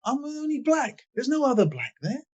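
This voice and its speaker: A man in his sixties from England, a guest in a podcast interview, telling stories with emphatic stress and quiet asides. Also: very high-pitched, big pitch swings, a little fast, slightly rough. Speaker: guest, former footballer. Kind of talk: animated storytelling in a podcast interview.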